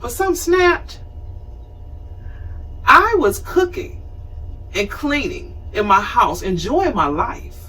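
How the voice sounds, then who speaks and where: Host, woman, 50s: husky, lively storyteller, recorded a little way off the mic. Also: a little high, slow pace, pauses often, distant mic, poor audio. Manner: animated, conversational, acts out scenes. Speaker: show host. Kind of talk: storytelling talk show monologue.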